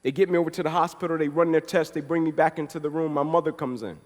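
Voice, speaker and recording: A man's voice: on the high side, steady tone, fast talker. A man in his thirties from Atlanta, Georgia, giving a motivational speech, telling his story emphatically with a preacher-like build. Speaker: motivational speaker. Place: large event hall. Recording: long reverb of a large hall.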